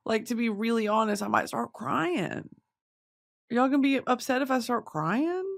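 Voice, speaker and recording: Giggly, rambling young woman. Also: fairly high pitch. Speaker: vlogger. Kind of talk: casual rambling chat to camera.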